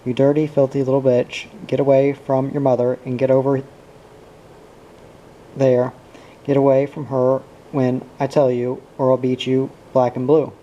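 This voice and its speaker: Brutal middle-aged father, bullying and raging, read by a man in a flat, mellow voice. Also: mid-range voice, a little slow, lo-fi sound, a little hiss or hum, lightly acted. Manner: shouting abuse, bullying.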